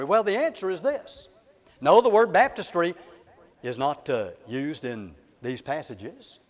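A man preaching a sermon, emphatic and swinging between loud declarations and soft asides. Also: fairly high pitch, sing-song, a little slow. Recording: long hall reverb.

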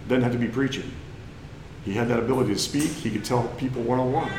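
A man's voice: medium pitch, fast talker, darkish tone, roomy sound, a little hiss or hum, low-quality recording. A man from Missouri with a Missouri accent, preaching a lesson in a plain-spoken, folksy way that climbs into emphatic bursts. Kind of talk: sermon lesson.

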